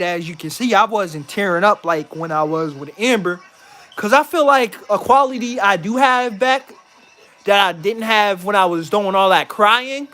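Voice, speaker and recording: A young male vlogger vents straight to the camera in a casual monologue. He rambles, repeats himself, swears, and puts on a mock-confident air. His voice is high and a bit bright.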